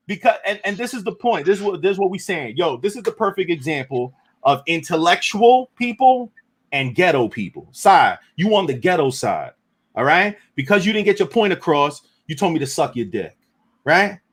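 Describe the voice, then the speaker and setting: A man hosting a live stream, ranting loudly and profanely in casual talk, with sudden shouts. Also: high-pitched, very animated, normal speed, breathy edge. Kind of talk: heated casual rant.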